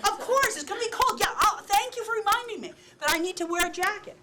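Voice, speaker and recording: A woman's voice: very high voice, lively intonation, quick pace, sharp tone, a little hiss or hum, voice pushed up, full character voice. A woman voicing a sarcastic child who mockingly pretends to see a parent's point. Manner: mock-apologetic, sarcastic.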